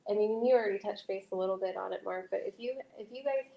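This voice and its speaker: A woman hosting a podcast interview, lively and chatty with lots of filler "like". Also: mid-range voice, fast, vocal fry, lo-fi sound, slight background noise. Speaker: podcast host. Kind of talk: casual interview chat. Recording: echoey room.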